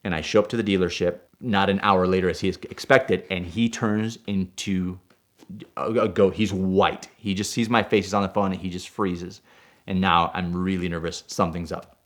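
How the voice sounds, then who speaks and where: A man in his forties spins a personal anecdote with a lowish voice. He grows fired up and loud as the tale unfolds, tossing in "right?" to keep the listener with him. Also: fairly even intonation, moderate pace. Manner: gets fired up and loud while retelling; punctuates with "right?". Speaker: guest storyteller.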